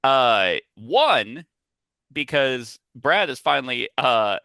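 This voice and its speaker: A man's voice: medium pitch, very animated, takes it slowly, gravelly, sharp tone, no room sound. A man hosting a podcast in casual chat, rambling and chatty with lots of asides, talking on a headset. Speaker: podcast host.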